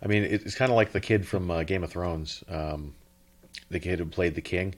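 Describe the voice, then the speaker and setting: Deep-voiced stammering male podcast co-host. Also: moderate pace. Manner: stammering, blunt, good-humored. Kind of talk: casual podcast chat.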